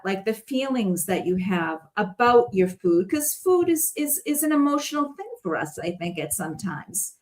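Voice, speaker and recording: A woman guest in casual conversation, telling stories in a chatty way and laughing often. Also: fairly high pitch. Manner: chatty storytelling with frequent laughs.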